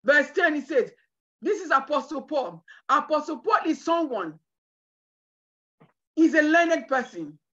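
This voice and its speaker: A woman preacher delivering a sermon with emphatic, shouted bursts. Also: high voice, big pitch swings, unhurried, pauses often, muffled recording. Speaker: preacher at a women's conference.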